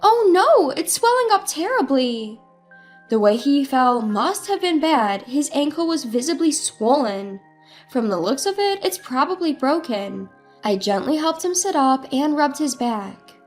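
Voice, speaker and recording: Woman, first-person storyteller, earnest and dramatic, animated delivery, faint background music. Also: high-pitched. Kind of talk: scripted narration.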